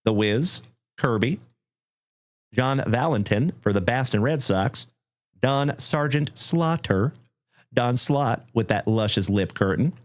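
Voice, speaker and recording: A man hosting a livestream trading card break, thanking viewers effusively and calling out cards with excitement. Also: fairly low pitch. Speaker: live card break host.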